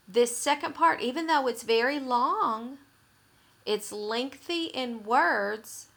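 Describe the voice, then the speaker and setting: A woman's voice: a little high, vocal fry, fairly bright tone. A woman teaching writing rules, explaining grammar patiently and repeating her points for emphasis.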